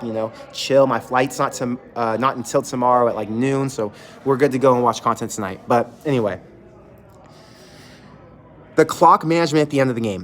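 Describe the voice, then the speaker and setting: A man at an ordinary middle pitch hosts a livestream for his fan channel, sitting in an empty, closed restaurant. He vents candidly and sounds fed up, with casual swearing throughout. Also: fairly bright tone. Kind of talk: livestream venting reaction.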